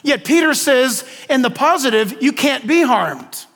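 An older man preaching to a congregation, with an unusually high voice for a man. He asks the room questions and drops homey asides between points. His voice rings out in a large hall with a long reverb tail. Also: expressive, a little slow, fairly bright tone. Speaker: pastor. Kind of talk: sermon.

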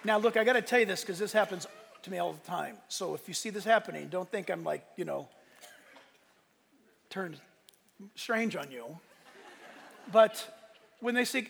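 Man, pastor, animated sermon, very high voice, long church reverb. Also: moderate pace, creaky, pauses often, some chatter behind, a little hiss or hum. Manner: animated, swinging from quiet asides to loud emphatic preaching. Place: church sanctuary. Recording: echoey church hall with congregation. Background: congregation.

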